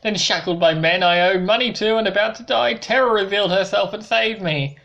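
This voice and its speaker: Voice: medium pitch, brisk, creaky, fairly bright tone, muffled recording, voice pushed up. A gamer reading a devout priest's lines aloud in a raised, lofty voice while playing a game. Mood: solemn. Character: devout middle-aged priest, solemn and preachy.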